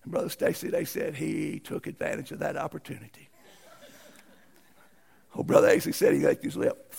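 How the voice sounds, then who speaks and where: Male pastor, folksy emphatic sermon, high gravelly voice. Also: huge pitch swings, normal speed, a little mellow. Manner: folksy, emphatic preaching with rising outbursts.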